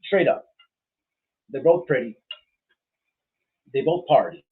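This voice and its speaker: A man's voice: mid-range voice, very animated, slow. A man hosting a casual livestream, rambling bluntly and with profanity as he reacts to chat, full of fillers and restarts. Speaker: livestream host. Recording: tinny phone-like sound.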